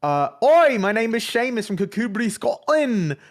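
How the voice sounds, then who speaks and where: A man puts on a hammy, over-the-top Scottish fellow with a lilting, jokey voice. The pitch sits a little high and leaps about with lively swings. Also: fast talker. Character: put-on Irish-Scottish man named Seamus.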